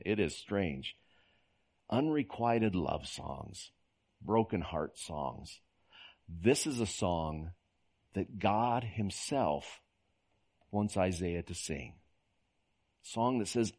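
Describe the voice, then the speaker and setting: A man's voice: fairly low pitch, expressive, slow, a little mellow. A middle-aged man from Oklahoma preaching a sermon in a folksy storytelling manner, often repeating words as he goes. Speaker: pastor.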